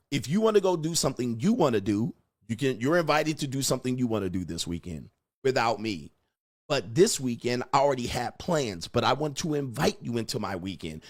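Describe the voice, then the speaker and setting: Man, blunt dating lecture, emphatic, profane, acts out both sides. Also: mid-range voice. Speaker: dating advice host. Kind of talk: lecturing monologue.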